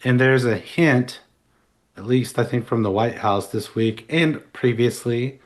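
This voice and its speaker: A man's voice: mid-range voice, measured pace. A man co-hosting a podcast, talking in a loose, rambling way with restarts and asides. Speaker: podcast co-host. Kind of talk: casual analytical chat.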